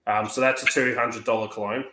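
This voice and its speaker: A man's voice: medium pitch, steady tone, a little fast, echoey room, background noise. An Australian man chatting casually on a livestream, rambling through a long story and acting out the dialogue. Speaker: livestream panelist. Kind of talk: casual chat.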